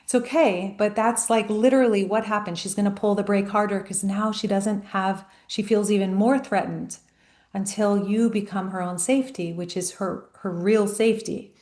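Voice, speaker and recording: A woman life coach giving a motivational talk, emphatic and storytelling, slowing down on key phrases. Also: mid-range voice, steady tone, a little mellow, reverberant.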